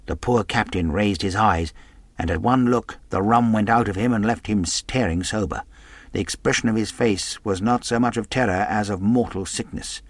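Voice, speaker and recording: A man narrating a classic adventure novel as an audiobook in a measured storytelling delivery. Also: lowish voice, no echo.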